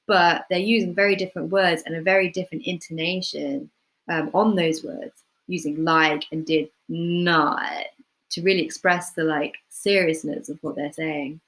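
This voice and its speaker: A woman tutoring students in playwriting. She explains things in a casual, relaxed way, with lots of ums and hedging. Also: low-pitched, normal speed, rough recording. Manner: relaxed, full of ums and hedges. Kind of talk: casual instructional talk to students.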